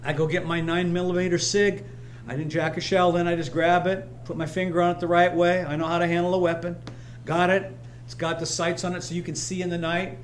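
A man's voice: high-pitched, flat delivery, fairly quick, slight background noise. A man pastor preaching a sermon in a church, emphatic and repetitive, weaving in personal stories. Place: church sanctuary, streamed live.

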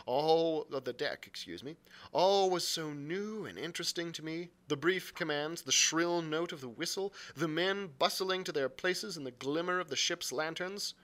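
Guy reading a storybook out loud, bright voice, bit high, trips on a word now and then. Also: moderate pace. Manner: expressive storytelling with occasional slips and self-corrections. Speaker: library reader. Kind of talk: reading a novel aloud on a live show.

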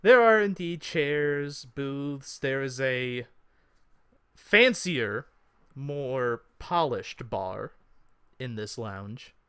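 A man running a tabletop game as game master, narrating in an unhurried way and thinking aloud. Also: mid-range voice, animated, sharp tone, smooth, dry recording, clean studio sound.

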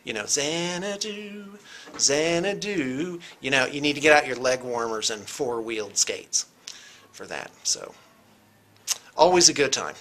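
A man's voice: medium pitch, lively intonation, normal speed, long pauses, fairly bright tone. A man hosting a casual tour of a painting studio, chatty and teasing, filmed on a handheld camera. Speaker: host of a painting studio channel. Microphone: handheld camera mic.

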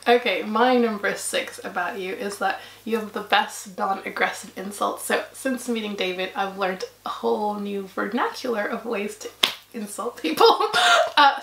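A woman from Canada co-hosting a casual couple's vlog, chatty and quick to laugh. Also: a little high, fairly bright tone, a little hiss or hum. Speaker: vlog co-host. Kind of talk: casual chat. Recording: echoey room.

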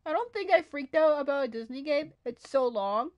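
A woman streaming a video game, chatting excitedly to herself and her viewers, often gasping and saying she is freaking out. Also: sits high, normal speed, muffled recording. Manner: excitable, gasping, talks to herself while playing. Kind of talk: casual gaming livestream chatter.

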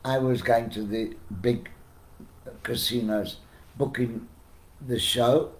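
An older man with a South African accent, telling anecdotes as a podcast guest with lively, chuckling delivery. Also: mid-range voice, slow. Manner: animated, chuckling storyteller who acts out quotes. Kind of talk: casual storytelling.

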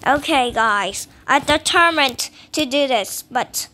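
A woman giving casual commentary while playing a game, excitable and self-mocking, with frustrated outbursts. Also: sits high, slow. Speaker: gaming channel host.

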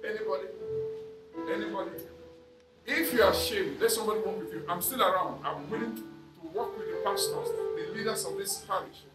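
A middle-aged man preaches with a high, lively voice. He swings from loud calls down to quiet asides. The mic sits far off in an echoing church hall, with music playing underneath. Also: brisk. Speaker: pastor. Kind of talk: sermon.

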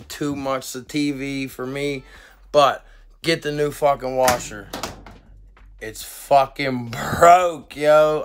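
A man casually chatting and reviewing his cannabis gear in a vlog, excitable and swearing constantly in slangy talk. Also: mid-range voice. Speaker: cannabis vlogger. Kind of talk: casual profane vlog chat.

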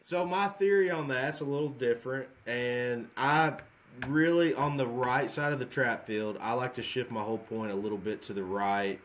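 Relaxed rambling man guest. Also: medium pitch, normal speed. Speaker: guest trapshooter. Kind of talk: casual podcast chat.

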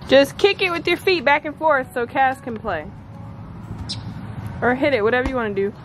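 A young, heavily pregnant mom with a high, bright voice, chatting loosely with her kids and laughing a lot. She is recorded on a phone or handheld camera outside in a yard, with strong outdoor noise behind her. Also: moderate pace. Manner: talks to her kids, laughs often, loose Southern-style casual speech. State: heavily pregnant, back pain. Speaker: vlogger and stay-at-home mom. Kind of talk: casual family vlog chatter. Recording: noisy outdoor phone video. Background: outdoor ambience with kids playing.

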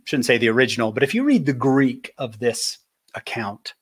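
Man, faith speaker, lively storyteller, mid-pitched, slows for key points. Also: breathy edge. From Utah, USA. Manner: animated storyteller, slows for emphasis. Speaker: public speaker.

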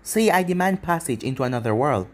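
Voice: medium pitch, animated, quick pace, natural voice. Narrator doing a blunt ninja companion. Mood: urging. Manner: blunt, urging.

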